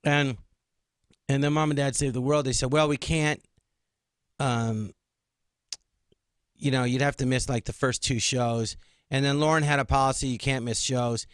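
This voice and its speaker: A man's voice: medium pitch, measured pace, pauses often, clear, resonant tone, no echo. A middle-aged man, a comedian guest in a radio interview, telling stories animatedly and acting out what others said. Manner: animated, acts out quoted dialogue. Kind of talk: casual interview storytelling.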